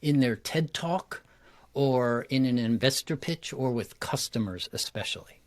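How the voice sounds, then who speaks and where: A man who coaches public speaking, a guest in an interview, talking with energy and acting out his examples. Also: medium pitch. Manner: energetic and quick, acts out examples.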